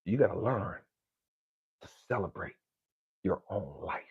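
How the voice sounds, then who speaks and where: A man, a spiritual coach, giving an emotional, confessional motivational monologue that drops to low murmurs and rises to near-shouts, swearing often. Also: lively intonation, a little slow, gravelly, slightly rough, phone-quality sound.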